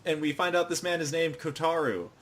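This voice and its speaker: A man's voice: a little high, brisk. Man animatedly retelling an anime plot. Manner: animated storytelling, acting out the characters' lines. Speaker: podcast co-host. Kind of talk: casual chat recapping an anime.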